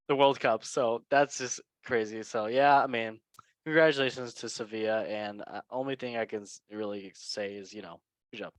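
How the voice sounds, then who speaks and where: A man's voice: mid-range voice, fairly bright tone, clean tone, no room sound. A man hosting a casual football news show, chatty and joking. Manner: joking, chatty, laughs at own lines. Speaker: podcast host.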